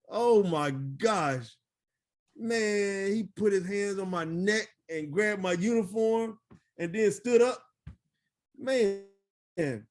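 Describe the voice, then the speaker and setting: A middle-aged man, a retired army first sergeant, telling stories in a casual interview, animated, laughing often and full of fillers. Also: high-pitched.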